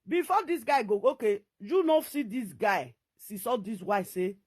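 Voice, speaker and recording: A middle-aged woman with a Nigerian Pidgin accent, ranting to camera in a scolding, repetitive, animated way as a vlogger. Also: medium pitch, moderate pace.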